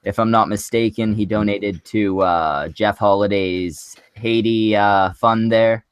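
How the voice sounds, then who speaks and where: A man's voice: fairly low pitch, steady tone, a little slow, clean tone. A man hosting a crude casual chat in an offhand way, reading out chat messages. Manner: offhand, reads chat aloud.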